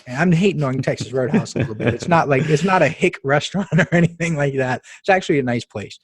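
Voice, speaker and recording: A man's voice: fairly high pitch, quick pace, husky. A man hosting a podcast, talking casually and emphatically, telling stories with asides to the listener. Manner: chatty, emphatic, storytelling with asides. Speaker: podcast host.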